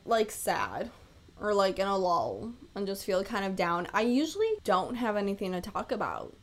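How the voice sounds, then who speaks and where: A chatty young woman talking to her podcast mic, her voice sitting a little high. She rambles through everyday stories with quick laughs and casual swearing. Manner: chatty and animated, laughs often, swears freely. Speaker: podcast host. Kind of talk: casual solo podcast chat.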